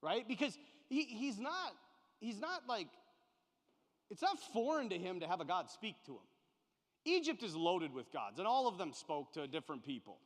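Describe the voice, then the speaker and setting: Lively high-voiced priest in an echoing church. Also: male voice, moderate pace. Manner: lively and conversational, acts out little scenes. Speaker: priest leading a Bible study. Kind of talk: animated Bible study talk. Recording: long hall reverb.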